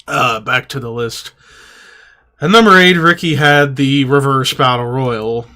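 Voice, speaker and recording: A man's voice: mid-range voice, measured pace, sharp tone. A man hosting a podcast in casual chat, ranting with profanity in an exasperated way. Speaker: podcast host.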